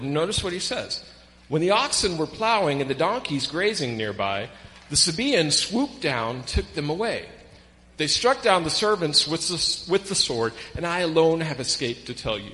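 A man preaching a sermon as pastor, reading scripture aloud with animated emphasis. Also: on the high side, long reverb tail, rough recording.

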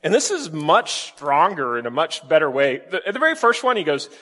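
A man preaching a sermon in a lively, conversational way, asking the congregation rhetorical questions. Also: a little high, normal speed, long reverb tail. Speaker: pastor.

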